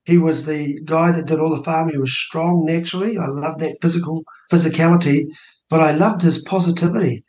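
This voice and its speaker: A man in his sixties with a New Zealand accent, telling personal stories as a guest and acting out quoted dialogue in a lively voice. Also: fairly high pitch, brisk. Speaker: interview guest, minor party co-leader. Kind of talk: animated personal storytelling. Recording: roomy studio echo.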